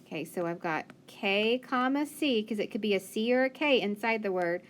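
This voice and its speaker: A woman's voice: medium pitch, expressive, moderate pace, a little hiss or hum. A woman teacher leading a phonics lesson for young children, patient and encouraging, asking questions and praising answers.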